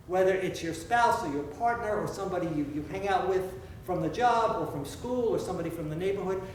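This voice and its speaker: A male pastor giving a conversational sermon, asking the congregation questions and slowing down for emphasis. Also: high voice, a little mellow, a little hiss or hum. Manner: conversational preaching, slows for emphasis, asks questions. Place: church sanctuary. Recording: echoey church heard from a distance.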